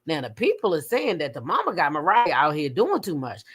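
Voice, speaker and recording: Chatty woman livestream host, lower register, very expressive pitch, profane, reacts loudly to viewers. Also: a little fast, husky. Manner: animated, profane, bursts into high shrieks when retelling her reactions. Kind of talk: casual gossip livestream, reading and answering chat.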